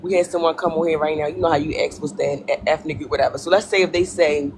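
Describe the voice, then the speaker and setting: A man's voice: on the high side, fairly even intonation, fast talker, slight background noise. A man hosting a podcast, asking casual, probing questions. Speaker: podcast host. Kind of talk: podcast discussion.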